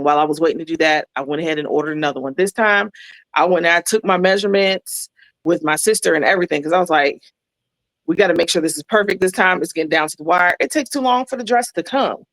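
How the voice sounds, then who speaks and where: A woman's voice: low voice, no room sound, rough recording. A woman guest on a casual chat show, telling a story in a chatty way and addressing the listeners directly. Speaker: guest, maid of honor.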